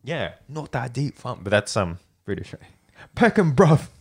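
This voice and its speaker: A man hosting a casual chat, telling stories in an animated way and laughing often. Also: moderate pace. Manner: animated storyteller, laughs often, jumps up in pitch when excited. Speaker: podcast host.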